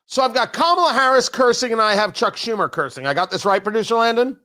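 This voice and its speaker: A man's voice: very high voice, expressive, quick pace, sharp tone. A man hosting a political talk show from a studio, talking in an indignant, mocking and emphatic way. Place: radio studio.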